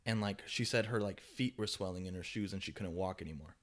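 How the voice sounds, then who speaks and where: A young man hosting a podcast, telling a story in casual chat, animated and swinging between loud bursts and hushed asides. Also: low voice, brisk. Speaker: podcast host.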